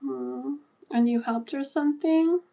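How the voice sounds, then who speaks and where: A woman's voice: high-pitched, unhurried, vocal fry, warm tone. A woman in her thirties hosting a casual livestream, chatting and giggling while reading comments aloud. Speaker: livestream tarot host.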